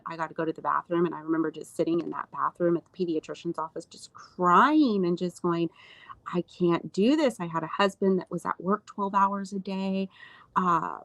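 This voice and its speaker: A woman postpartum doula talking as a guest in a casual interview, earnest, with many fillers and lively retelling. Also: lowish voice, creaky, no room sound, rough recording.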